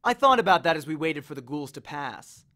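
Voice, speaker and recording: A man reading a novel aloud in an expressive storytelling manner. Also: a little high, fairly quick. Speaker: audiobook reader.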